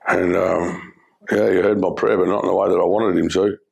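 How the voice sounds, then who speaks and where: A middle-aged Australian man giving his personal testimony, telling his story in an earnest, halting way with many fillers. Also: low voice, level tone, gravelly. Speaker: former criminal telling his life story.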